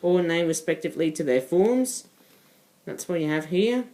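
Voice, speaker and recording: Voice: mid-range voice, animated, moderate pace, warm tone. A toy reviewer in a casual vlog, rambling off topic with many ums and uhs. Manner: rambling, digressive, many fillers.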